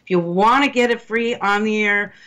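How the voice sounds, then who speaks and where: A woman's voice: medium pitch, normal speed. A woman hosting a radio psychic show, chatting casually and calling callers honey and darling. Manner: warm and motherly, calls callers honey and darling.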